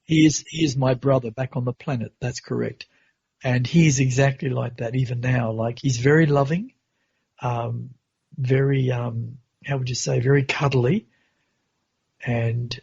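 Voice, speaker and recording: Guy with a really raspy gravelly voice telling his spiritual story slow and earnest, muffled lo-fi audio. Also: mid-range voice, fairly even intonation, a little mellow. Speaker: podcast guest. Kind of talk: recounting a personal spiritual experience.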